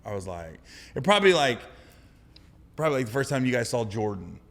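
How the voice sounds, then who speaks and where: A man guest on a podcast, telling funny stories in a loud, animated way and acting out other voices. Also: medium pitch, a little fast, creaky, long reverb tail. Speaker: comedian guest. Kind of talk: casual podcast storytelling.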